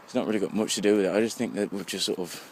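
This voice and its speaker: A young, tipsy English vlogger with a low voice and fairly even intonation races through a rambling, swear-filled monologue while walking a street home at night. He speaks into the phone in his hand as faint traffic hisses by.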